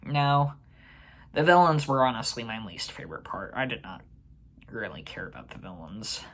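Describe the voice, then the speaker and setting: A man's voice: mid-range voice, big pitch swings, moderate pace, fairly bright tone. A man hosting his own movie channel, giving a chatty, opinionated ranking to camera with fillers and restarts. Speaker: movie review channel host. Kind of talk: casual ranking commentary to camera.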